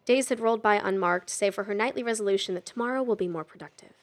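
A woman narrating a novel in a steady, even storytelling manner. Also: mid-range voice, fast talker. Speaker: audiobook narrator. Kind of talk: scripted narration.

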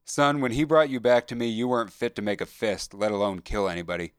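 A man reads a steady army sergeant with a dry, matter-of-fact delivery. The voice sits low and even. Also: fast, clear, resonant tone, no room sound, natural voice.

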